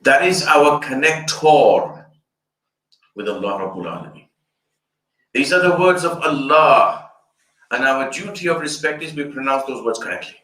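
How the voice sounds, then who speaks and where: Bright older man lecturing in echoey hall. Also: medium pitch, animated, normal speed, pauses often. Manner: explanatory, lecturing. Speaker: Islamic scholar giving a talk. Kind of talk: fundraiser lecture. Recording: echoey room, distant mic.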